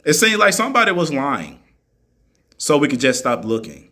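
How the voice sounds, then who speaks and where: A man's voice: fairly high pitch, huge pitch swings, moderate pace, bright, forceful tone. A man in a heated monologue, answering critics in an argumentative, mocking way and repeating his points for emphasis. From United States.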